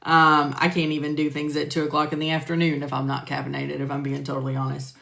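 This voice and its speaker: She talks fast in a deep, monotone voice that's creaky yet a bit bright. On her live stream about medical coding she chats casually, uses many fillers, and calls out viewers by name, recorded on a phone or computer mic with room echo.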